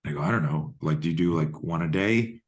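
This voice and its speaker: His voice rumbles low and moves fairly quickly as this fear and self-defense coach, in his fifties, shares stories on a podcast. Animated throughout, he voices both people in the conversations he recounts.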